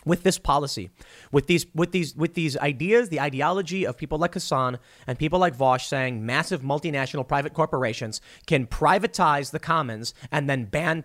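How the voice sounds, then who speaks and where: Casting: male solo political commentator, argumentative and emphatic, voice a bit high. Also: a bit bright. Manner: emphatic, argumentative, reads out news quotes.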